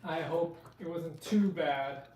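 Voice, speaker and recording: Male stream host, unhurried, soft mellow tone, roomy far-off mic. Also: a little high. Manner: chatty, talks to chat, lists card names aloud. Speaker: live-stream host opening trading card packs. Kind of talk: casual live-stream chat. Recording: roomy, distant mic with faint noise.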